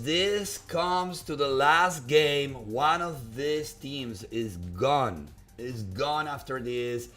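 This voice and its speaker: A man casting an esports match live, excitable and quick to react to big plays. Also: mid-range voice, soft background music. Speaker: esports caster. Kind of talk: live game commentary.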